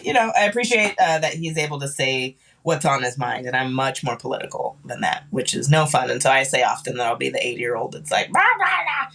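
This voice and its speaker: A podcast guest with a soothing, calm voice, talking thoughtfully with many fillers in casual chat. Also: medium pitch, brisk, vocal fry, hardly any pauses.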